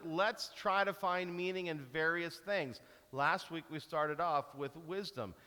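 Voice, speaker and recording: A man preaching a sermon as pastor, telling stories and acting out the cheers and groans of a sports fan. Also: a little high. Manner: animated storytelling, acts out cheering and groaning. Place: large church hall. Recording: hall reverb from a church.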